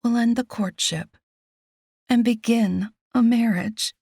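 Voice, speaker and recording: A woman voicing a wounded young woman captain in a storybook romance, speaking softly and earnestly. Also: a little high, steady tone, takes it slowly, vocal fry, breathy edge, no echo, clean studio sound, pitched above the performer's own voice, full character voice. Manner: soft and earnest.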